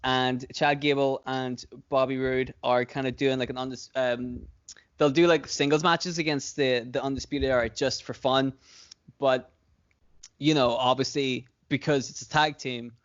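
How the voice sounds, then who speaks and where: Male podcast co-host, mid-pitched, rambly and profane, laughs a lot; dull lo-fi recording. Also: level tone, normal speed. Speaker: podcast co-host booking wrestling shows. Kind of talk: casual chat.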